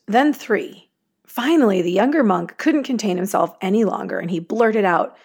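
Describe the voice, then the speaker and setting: A woman's voice: mid-range voice, normal speed, darkish tone, breathy edge. A woman hosting a meditation series, earnest and chatty, who introduces the day's practice and tells a short story. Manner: earnest, chatty, self-aware asides. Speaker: meditation teacher and host. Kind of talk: casual spoken intro to a guided meditation.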